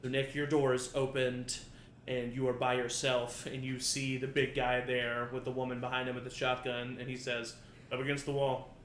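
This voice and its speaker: A man's voice: medium pitch, monotone, normal speed, a bit bright. Man GM narrating a tabletop game, rambling, echoey room, faint hum. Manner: rambling, filler-heavy narration. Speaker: game master. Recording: roomy echo, faint ambience.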